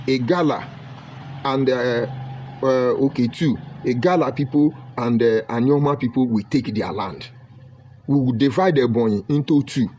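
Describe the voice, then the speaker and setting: A man's voice: mid-range voice, warm tone, breathy edge. A middle-aged man with a Nigerian accent giving an emphatic, argumentative political commentary monologue.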